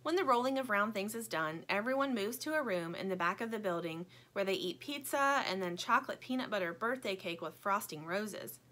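A woman narrating a children's book in an expressive, playful storytelling manner. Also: mid-range voice, a little fast, hardly any pauses. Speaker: audiobook narrator.

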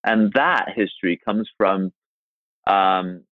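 A man's voice: low-pitched, takes it slowly, dry recording. Man, from China, earnest, emphatic, dry close sound, phone-like line. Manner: earnest, emphatic, rhetorical questions. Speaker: guest actor. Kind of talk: podcast interview. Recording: tinny phone-like remote line.

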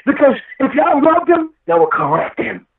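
A man's voice: extremely high pitch, sing-song, moderate pace, gravelly. Impassioned preachy man on a tinny line. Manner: preachy, quotes scripture, repeats himself heatedly. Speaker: rapper guest. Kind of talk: impassioned interview talk. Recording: echoey, distant phone line.

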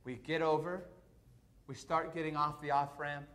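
Middle-aged pastor guy, kinda high voice, animated storytelling from the pulpit. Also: normal speed. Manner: animated storyteller, swings from hushed to excited. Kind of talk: storytelling sermon.

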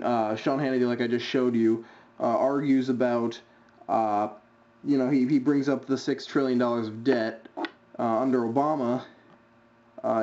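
Halting man, dull lo-fi commentary. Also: mid-range voice, a little mellow. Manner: halting, many uh's. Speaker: video uploader commenting on a clip. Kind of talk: casual opinionated commentary.

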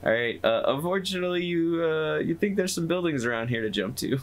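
A man running a tabletop game as dungeon master, easygoing and quick to chuckle. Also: on the high side, expressive. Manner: easygoing, chuckling, hedges rulings.

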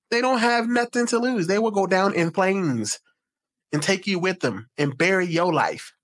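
A man with a fairly high voice gives live reaction commentary as a streamer. He talks bluntly and swears freely, speaking straight to the people watching. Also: fairly bright tone. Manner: blunt and profane, addresses the audience directly. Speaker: streamer reacting to text messages.

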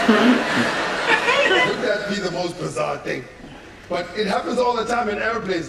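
A man's voice: sits high, big pitch swings, slow, gravelly, pauses often. A man with a South African accent performing a stand-up comedy set, telling stories and acting out quotes. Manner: storytelling with acted-out quotes. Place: comedy venue stage. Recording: echoey distant venue with loud crowd laughter. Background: audience laughter.

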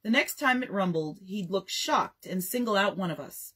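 Young librarian lady reading a bedtime story, breathy, bouncy up and down voice. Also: mid-range voice, moderate pace. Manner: expressive, reads dialogue in varied voices.

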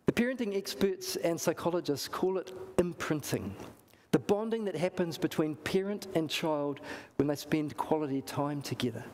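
A man's voice: fairly high pitch, normal speed, darkish tone, big-room sound, slight background noise. A man with a New Zealand accent, preaching a sermon in a church and acting out the voices in his story. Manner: storytelling, acts out quoted voices.

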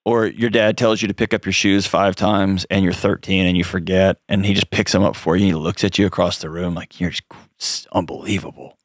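A man's voice: sits low, steady tone, a little fast, hardly any pauses, no room sound, clean studio sound. A man hosting a call-in advice show, coaching a caller in an earnest, direct way with frequent restarts.

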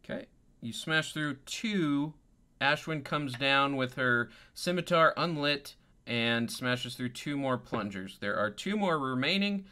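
Bright-voiced laid-back game master. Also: male voice, mid-range voice, a little slow. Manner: easygoing, chatty, laughs often. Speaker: dungeon master. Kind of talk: narrating a tabletop game.

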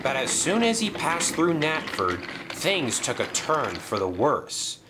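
A man narrating a children's train story in a lively storybook style. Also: on the high side, takes it slowly, background noise.

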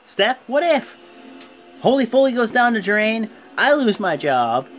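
A man's voice: very high-pitched, very animated, measured pace, faint music behind, pitched above the performer's own voice, exaggerated voice. A man putting on the voice of a worried male wrestling authority figure who pleads in a raised voice. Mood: pleading.

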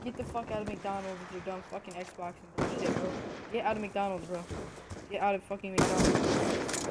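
A young woman streaming a shooter game live, cursing and breaking into sudden shouted outbursts. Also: mid-range voice, normal speed, heavy background noise. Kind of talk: live gameplay commentary. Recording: loud gunfire over the voice. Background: loud game gunfire and explosions.

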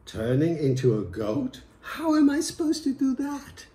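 A man's voice: mid-range voice, animated, measured pace, mellow, recorded from a distance. A man voicing a meek young peasant wife who pleads in a raised voice. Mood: indignant. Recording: echoey room.

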